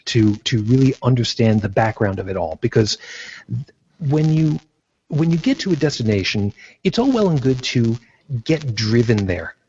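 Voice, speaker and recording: A man's voice: lowish voice, darkish tone, husky, muffled recording. A man hosting a casual podcast discussion, emphatic and opinionated, often repeating phrases as he builds a point. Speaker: podcast host.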